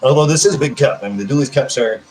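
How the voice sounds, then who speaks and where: Speaking rapid-fire in a mid-range, slightly mellow voice, a man casually hosts a livestream over soft background music, and the audio is poor. He rambles, swears, and reads viewer comments aloud with hyper energy.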